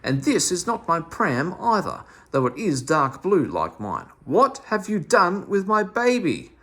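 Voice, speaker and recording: A man's voice: on the high side, huge pitch swings, unhurried, slightly rough, voice pushed up, full character voice. Man doing a fierce, alarmed storybook mother. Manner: sharp and accusing. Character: fierce, protective young mother. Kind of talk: storybook read-aloud.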